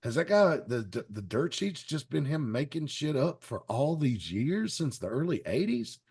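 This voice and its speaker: A man's voice: mid-range voice, very animated, moderate pace, darkish tone, husky. A man hosting a wrestling panel show, talking in a rambling, wry, joking way. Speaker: podcast host. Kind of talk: casual chat.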